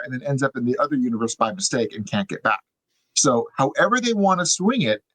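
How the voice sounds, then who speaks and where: A man's voice: medium pitch, no echo, poor audio. Chatty young man on a dry podcast mic. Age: young adult. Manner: chatty, lots of fillers, animated explaining. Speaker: podcast co-host. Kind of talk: casual podcast chat.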